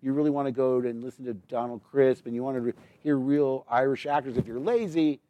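A mid-range male voice, a little fast, comes through a muffled recording with no echo. The speaker is a guest actor talking live on stage in front of an audience, drifting through rambling anecdotes and imitating accents.

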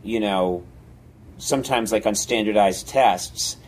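A man, a comedy writer, in casual chat, telling rambling, animated stories with many fillers. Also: fairly low pitch, slow pace.

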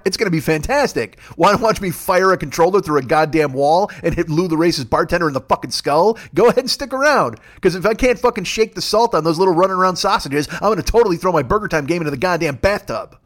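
A man's voice: a little high, a bit bright. A man in his fifties, a comedian and podcast host, telling a rambling, profane story with exasperated rants. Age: 50s. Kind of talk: storytelling monologue.

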